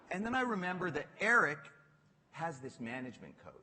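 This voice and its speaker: A middle-aged man on stage telling a lively, self-mocking story and laughing through his lines. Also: sits high, fast, big-room sound, background noise. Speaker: panel guest. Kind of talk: animated onstage storytelling. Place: stage at a public talk.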